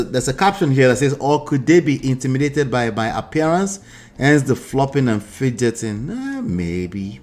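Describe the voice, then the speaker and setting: Animated man picking apart words. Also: mid-range voice. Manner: animated, picks apart words, rhetorical questions. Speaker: host reacting to a video. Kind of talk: live-stream commentary.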